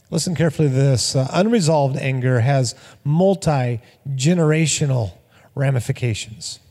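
A man's voice: a little high, darkish tone, in a large hall. A middle-aged male pastor preaching a sermon in a conversational, storytelling way, often repeating words.

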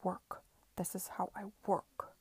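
A woman reading the part of a cool, weary gentleman in an audiobook, curt and icy. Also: medium pitch, little pitch movement, normal speed, husky, dry recording.

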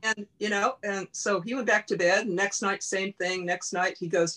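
A woman's voice: mid-range voice, steady tone, moderate pace, hardly any pauses, a bit bright. A woman coach and podcast guest, telling a personal story in an earnest, heartfelt way. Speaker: guest, body-mind coach.

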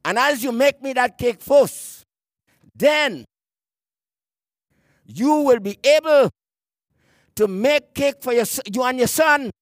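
High-voiced preacher, emphatic sermon. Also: male voice, lively intonation, no room sound, studio quality. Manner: emphatic, slowing to stress key words, repeats words mid-phrase; reads scripture aloud in archaic phrasing.

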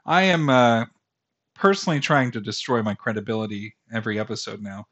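A man's voice: medium pitch, a little fast, a bit bright. Rambling self-deprecating male podcast host. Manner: rambling, self-deprecating, with many fillers and restarts. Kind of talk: casual solo podcast commentary.

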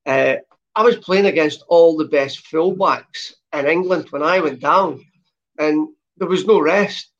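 Guesting on a relaxed interview, a fifty-something Scottish ex-footballer with a softened Glasgow accent tells chatty stories, leaning heavily on "uh" fillers. His unhurried voice sits on the high side. The audio is dull and lo-fi.

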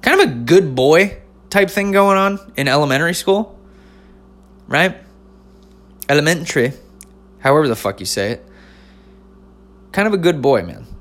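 A stand-up comedian man from North Carolina telling a long personal story, swearing often and swinging between loud outbursts and mumbled asides. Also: on the high side. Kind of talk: profane comic storytelling.

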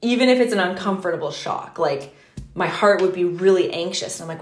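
A woman's voice: fairly low pitch, brisk, reverberant. A woman co-hosting a podcast in casual chat, talking animatedly, full of "like" and casual swearing. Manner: animated, fillers with "like", swears freely. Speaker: podcast co-host.

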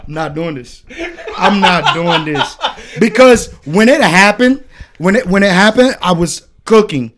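A man co-hosting a podcast, telling stories loudly with lots of swearing and laughter. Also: high-pitched, expressive, unhurried, background noise. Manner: loud, profane storytelling with laughter. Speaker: podcast co-host. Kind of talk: casual chat.

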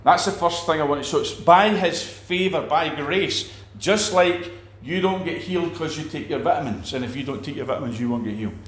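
Guy preaching in a chatty way, bit higher voice, roomy echo. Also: fairly quick, few pauses. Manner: animated, acts out quoted preachers, many restarts. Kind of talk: conversational teaching on faith.

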